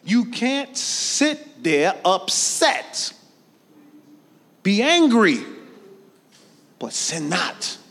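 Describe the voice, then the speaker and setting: A high-voiced preacher whose pitch leaps all over as he calls on the congregation to answer him. His delivery is slow and drawn out, shouting one line and dropping almost to a murmur the next. The sound rings with the long echo of a big hall. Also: sing-song, a little hiss or hum. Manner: call-and-response preaching, swinging from shouts to near-whispers. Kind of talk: sermon. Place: church sanctuary. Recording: long reverb of a large hall.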